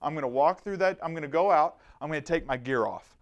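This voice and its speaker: A man speaking at a slightly high pitch, giving an energetic safety talk to a room of listeners. He tells stories with quick asides and acted-out quotes, keeping the tone lively and animated. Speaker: safety trainer. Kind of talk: lively live presentation.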